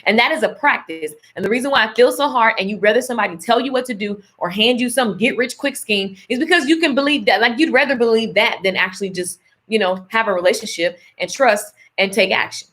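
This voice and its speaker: Bright, high-voiced woman preaching motivation. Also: fast talker, few pauses. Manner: emphatic and preachy, with church talk and pet names like darling and baby. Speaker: motivational speaker on a live stream. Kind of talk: casual motivational talk.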